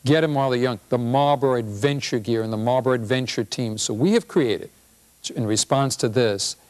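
A physician and professor delivers a humorous public health talk, animated and punchy, in a medium-pitched voice that runs a little fast.

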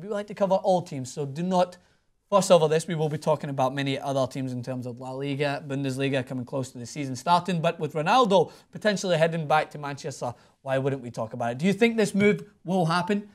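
Young dude hosting sports talk, rapid and kinda high voiced, joking around. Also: male voice. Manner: quick, joking banter. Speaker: sports show host. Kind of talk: casual sports chat.

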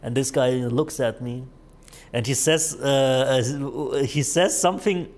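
A man's voice: mid-range voice, measured pace, a little mellow. A young adult man streaming a horror game, telling a rambling, profane anecdote with lots of fillers and laughter. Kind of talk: casual gaming stream storytelling.

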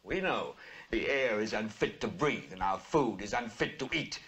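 A man playing a fed-up TV news anchor in a 1970s film drama, speaking in an impassioned, commanding way that rises into shouting. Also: fairly low pitch, animated, normal speed, breathy edge, exaggerated voice. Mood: grim. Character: fed-up middle-aged male TV anchor ranting on air.

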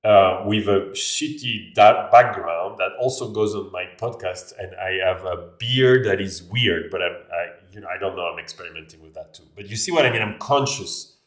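In a casual vlog, a French-accented man with a lowish voice speaks at normal speed with hardly any pauses. He rambles, restarts his phrases, and uses "like" a lot, recorded on the camera in an echoey room that leaves him sounding somewhat far off.

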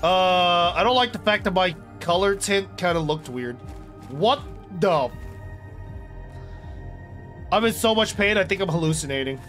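A young man streaming a video game, rambling loudly to chat, swearing and bursting into yells. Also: sits high, unhurried, pauses often, faint music behind. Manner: loud, rambling and profane, bursts into yelling. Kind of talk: casual live-stream chat while gaming.

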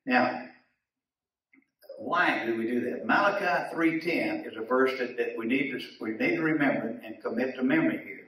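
A man's voice: medium pitch, normal speed, a bit bright. A man teaching a Bible lesson in Sunday school, folksy and chuckling, often repeating his words. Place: church classroom. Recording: echoey room, mic far off.

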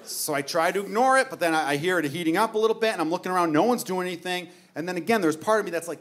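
A man's voice: high-pitched, racing, hardly any pauses. A male stand-up comedian from the United States telling a profane story on stage, with asides to the audience. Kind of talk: stand-up routine.

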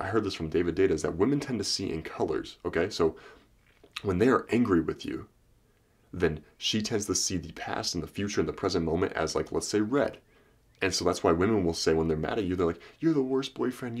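A man's voice: low voice, darkish tone, husky. A man talking straight to camera as a dating coach, blunt and profane, slipping into acted lines to make his points. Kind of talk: direct-to-camera advice talk.

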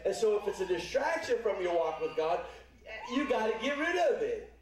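A man's voice: sits high, big pitch swings, moderate pace, recorded from a distance, crowd noise. A middle-aged man preaching a sermon in a church, folksy and playful, acting out little voices as he speaks. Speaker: pastor. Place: church sanctuary. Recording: echoey church hall, speaker away from mic.

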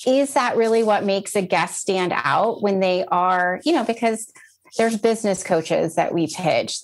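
Podcast guest, woman, lower-pitched, relaxed friendly conversationalist. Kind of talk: casual interview conversation.

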